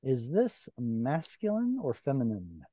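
A man's voice: medium pitch, huge pitch swings, a little slow, warm tone, dry recording. A man teaching a Hebrew class over a video call, patiently explaining grammar step by step.

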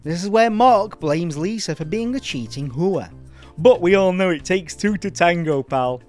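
A man's voice: high-pitched, expressive, normal speed, darkish tone, soft background music. A man hosting a comedic film review, sardonic, mocking and sweary.

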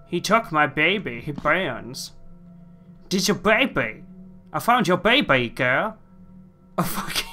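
A man narrating his own horror playthrough with a bright, slightly high voice. He jokes and curses throughout and talks back at the game characters. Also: very animated, takes it slowly, pauses often, soft background music. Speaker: let's play host.

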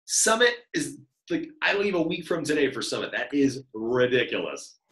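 Bright, fast-talking man on a video call. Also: mid-range voice, big pitch swings, roomy sound, poor audio. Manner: fast, filler-heavy, swears casually. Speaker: fitness trainer on a team call. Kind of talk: casual chat.

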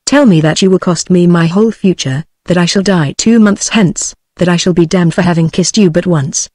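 A woman's voice: lowish voice, normal speed, darkish tone, breathy edge, no echo, clean studio sound. British synthetic woman reading an ardent young sculptor. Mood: passionate. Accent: British English.

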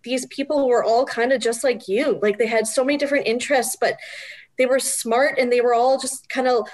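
A middle-aged woman, a guest, telling stories in an animated way and often laughing. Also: fairly high pitch, fairly quick. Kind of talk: casual interview chat.

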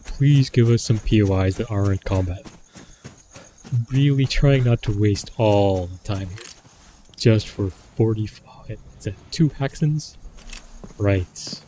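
Low, mellow male gamer thinking aloud over his run, with a faint hiss in the recording. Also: measured pace. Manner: musing, talks himself through choices. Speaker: gameplay commentator. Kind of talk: casual gameplay commentary.

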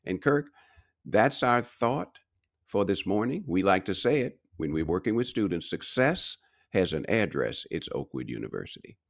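A man preaching a morning devotional with a lively, swinging pitch that sits a little low. He leans hard on repeated phrases and drives each point home. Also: normal speed, vocal fry. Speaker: pastor and university speaker. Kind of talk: devotional sermon.

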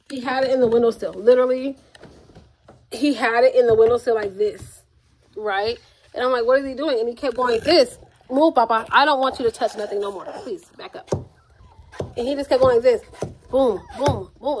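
A young woman vlogging at home into her tablet's mic, chatting to viewers in an exasperated, casual way. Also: on the high side. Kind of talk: casual chat to camera. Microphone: tablet built-in mic.

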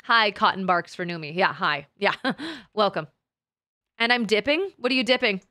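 Bright, crude, teasing woman streamer. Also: medium pitch, moderate pace, no echo. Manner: crude, teasing, laughs often. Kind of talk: casual live-stream chat.

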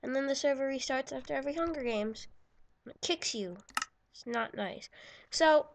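A woman's voice: high-pitched, moderate pace. A woman giving casual, chatty let's-play commentary over a computer microphone, giggling and correcting herself as she goes. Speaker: gaming channel host.

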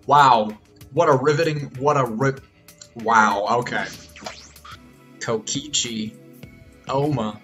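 A man's voice: medium pitch, slow pace, pauses often. A man giving jokey, crude live commentary while streaming a video game. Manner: jokey, crude, animated reactions. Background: game music.

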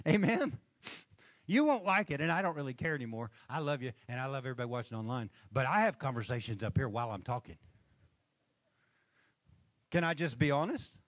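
This male pastor has a mid-range, slightly bright voice with lively intonation, speaking briskly but with long pauses, and there's no room sound. Talking conversationally from the church stage, he asks the congregation for amens and laughs softly between points.

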